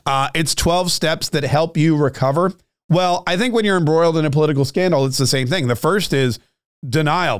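A man's voice: on the high side, a little fast, clear, resonant tone, dry recording, studio quality. A man hosting his own political podcast, rambling with joking, self-mocking asides and frequent restarts. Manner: restarts and trails off often. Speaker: podcast host.

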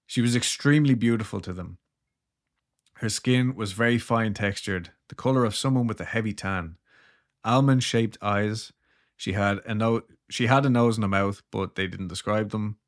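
Guy on a podcast, lowish voice, joking and laid-back while he reads out a story. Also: normal speed. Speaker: podcast co-host. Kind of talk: casual storytelling chat.

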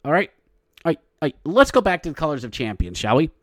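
A man hosts a solo hockey podcast, his fairly high voice very animated and fast, with clean studio sound and no room noise. He rants in exasperation, getting louder and more riled up as he goes.

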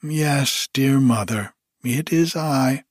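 A man's voice: medium pitch, takes it slowly, no room sound, clean studio sound. A man voicing a cunning, cheeky young male thief with a breezy manner.

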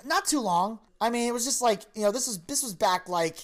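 A man's voice: extremely high pitch, brisk. A man hosting a podcast, telling a long story in casual chat and acting out the quoted lines. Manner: animated storyteller who acts out quoted lines. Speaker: podcast host.

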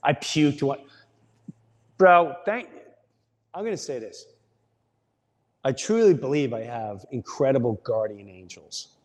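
A man's voice: medium pitch, unhurried, long pauses, long reverb tail. A young man, a comedian, telling stories casually and animatedly as a podcast guest. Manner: animated, acts out voices. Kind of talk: casual storytelling.

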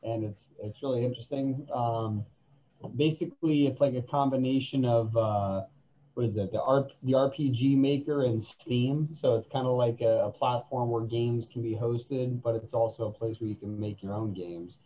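A man's voice: mid-range voice, normal speed, warm tone, lo-fi sound. A man co-hosting a podcast in casual chat, rambling with many fillers and restarts, his voice crackly from lack of coffee. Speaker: podcast co-host.

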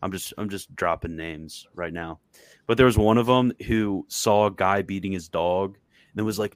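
A man hosting a livestream in casual chat, joking and slangy and quick to laugh. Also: deep voice, no room sound. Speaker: stream host.

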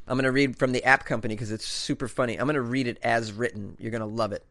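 A man's voice: mid-range voice, steady tone, fast talker, few pauses, fairly bright tone. A man hosting a comedic talk radio show, riffing sarcastically on odd news stories and reading them out with mock disbelief. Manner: sarcastic, joking, mock-incredulous.

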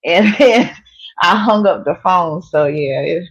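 Lively storytelling woman, lo-fi sound. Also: medium pitch, moderate pace. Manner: animated storytelling with acted-out quotes and laughter. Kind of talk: casual chat. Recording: dull lo-fi sound.

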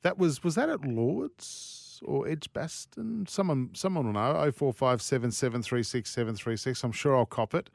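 A man with an Australian accent hosting a sports radio show, joking and firing off quick questions in casual banter. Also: mid-range voice, animated, gravelly, dry recording, clean studio sound.

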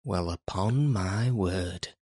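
A man's voice: sits low, slow, darkish tone, slightly rough, no room sound, clean studio sound, heavily acted. A man doing an astonished Yorkshire housekeeper. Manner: astonished exclamations. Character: astonished middle-aged housekeeper woman. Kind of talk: storybook reading.

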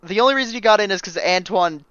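A man's voice: high-pitched, quick pace, pushed and bright, no echo, muffled recording. A man co-hosting a casual comic podcast, laid-back and adding dry asides. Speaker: podcast co-host. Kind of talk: casual comic book chat.

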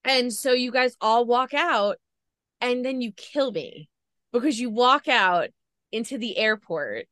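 A woman's voice: a little high, animated, a little slow, a bit bright, no echo. A woman podcast host gushing as she retells a story in a casual interview chat.

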